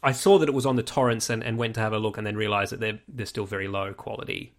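A man co-hosting a casual podcast chat, animated and telling stories with quoted voices. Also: fairly low pitch, fast. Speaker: podcast co-host.

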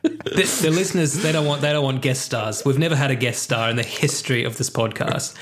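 A man's voice: medium pitch, brisk, background noise. A man co-hosting a podcast in casual chat, steering the talk with questions and laughing often between stories. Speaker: podcast co-host.

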